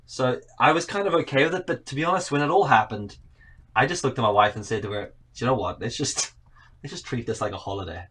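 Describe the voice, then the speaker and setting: Speaking fast with lively intonation, this South African man in his thirties chats casually as a podcast guest on a remote call, spinning rambling stories at his own expense. His accent mixes South African and Northern Irish, and his medium-pitched voice is a bit bright and slightly rough.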